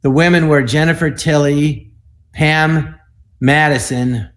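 Man in his 60s rambling through old stories on a video call, lively, keeps doing voices. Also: fairly high pitch. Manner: animated, rambling, quick to slip into voices. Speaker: guest comedian. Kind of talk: anecdotal storytelling.

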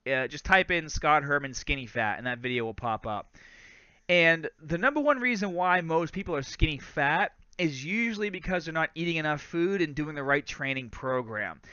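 A man with a light Boston accent hosts a live fitness Q&A, talking fast and casual and tossing in "bro" and "guys". His voice is bright and crisp, a touch higher than most men's. The sound is dry and a little dull. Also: dry recording. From Lawrence, Massachusetts. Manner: chatty, laughs often, says "bro" and "guys". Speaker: fitness host. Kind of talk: live stream Q&A, casual chat.

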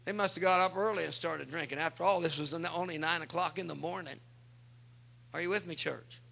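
A man's voice: on the high side, brisk, vocal fry, sharp tone. A male pastor preaching a sermon, speaking with emphasis and turning often to address the congregation.

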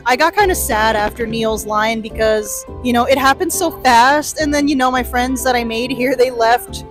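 A woman's voice: fairly high pitch, a little fast, hardly any pauses. A young woman chatting in a rambling way to her phone camera in a convention hall, with restarts and small laughs. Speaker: vlogger. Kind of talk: casual convention vlog. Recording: music playing behind the voice.

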